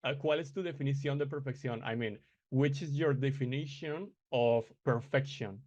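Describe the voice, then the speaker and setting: A man's voice: mid-range voice, moderate pace, a little mellow, dull audio. Hesitant male host. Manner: hesitant, many fillers, searching for words. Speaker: podcast host. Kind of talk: casual interview chat.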